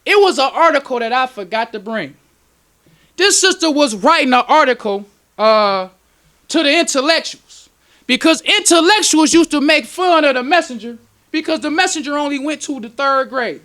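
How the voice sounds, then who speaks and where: High, bright-voiced excitable male preacher. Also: moderate pace. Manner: excitable, emotional delivery with sudden shouts. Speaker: minister. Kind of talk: preaching lecture. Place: temple lecture hall.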